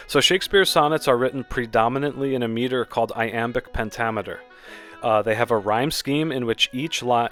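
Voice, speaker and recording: A man's voice: mid-range voice, fairly bright tone. Male poetry teacher, easygoing, reads verse with feeling; faint music bed. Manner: explains informally with fillers, reads verse slowly and expressively. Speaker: poetry teacher, channel host. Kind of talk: relaxed spoken poetry lesson with readings.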